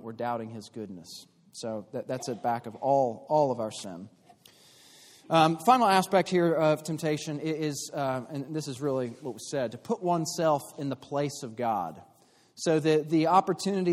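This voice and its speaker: A man teaching a church class in an explanatory way, pausing and restarting often. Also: mid-range voice. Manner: explanatory, with frequent fillers and restarts. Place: church hall. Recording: long hall reverb.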